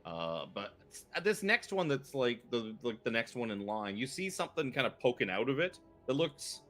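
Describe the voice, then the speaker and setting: A man narrating scenes as dungeon master in a tabletop game, talking in relaxed, rambling descriptions with fillers. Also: mid-range voice, normal speed, soft background music.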